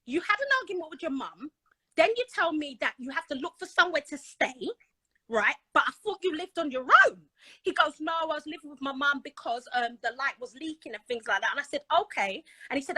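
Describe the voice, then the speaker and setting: A woman telling a dramatic personal story in an excitable, animated way. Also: sits high, fairly quick, no room sound, poor audio. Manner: excitable, dramatic retelling with voices. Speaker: caller telling her story. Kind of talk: animated storytelling on a live stream.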